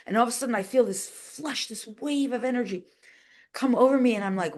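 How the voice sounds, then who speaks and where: A woman being interviewed, telling a long story in a chatty, animated way, with lots of "like" and voices acted out in quotes. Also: a little high, brisk. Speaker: guest, channeler and animal communicator.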